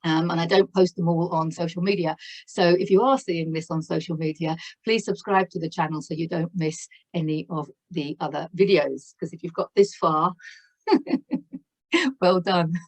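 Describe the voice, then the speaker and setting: A woman's voice: on the low side, normal speed, low-quality recording. A woman giving a spiritual tarot reading to camera, effusive and exclaiming in wonder, laughing often as she talks. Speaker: tarot reader.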